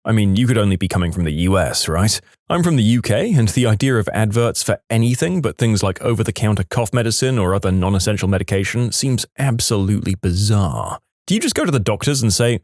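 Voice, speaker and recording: A man narrating online comments in a scripted reading, with a wry, lively delivery and small laughs. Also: on the low side, brisk, no room sound, studio quality.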